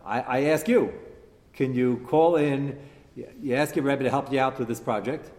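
Animated male teacher in a reverberant hall. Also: medium pitch, moderate pace. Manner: animated, emphatic, poses rhetorical questions to the class. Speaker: teacher leading a text class. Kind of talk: classroom lecture with discussion.

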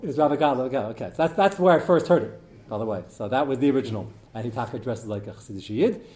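A man's voice: mid-range voice, animated, very fast, darkish tone. A man as a rabbi giving an informal talk to his congregation, telling anecdotes in a conversational way and taking questions. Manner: storytelling, conversational, takes audience questions. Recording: roomy echo.

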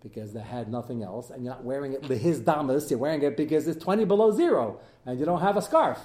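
A man teaching a Talmud class as a rabbi, animated and joking, his voice jumping up and down as he mixes in Hebrew study terms. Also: quick pace. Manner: animated, swings in pitch and loudness. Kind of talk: lively Talmud lecture with jokes.

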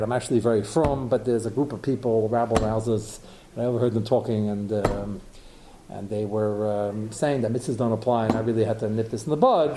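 A man's voice: medium pitch, background noise, pitched below the performer's own voice, natural voice. A man voicing an earnest male defendant who rambles through his excuses before a court.

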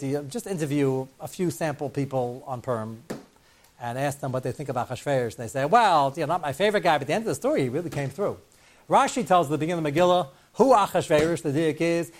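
Joking, digressive rabbi teaching. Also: male voice, medium pitch, a little mellow. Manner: digressive, joking, sprinkles in Hebrew and Yiddish terms. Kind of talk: Torah class lecture.

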